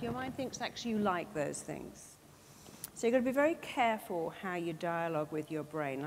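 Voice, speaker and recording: Woman, lively motivational speaker in a reverberant hall, faint noise behind. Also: mid-range voice. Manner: animated, acts out quoted inner voices. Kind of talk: motivational talk to a live audience.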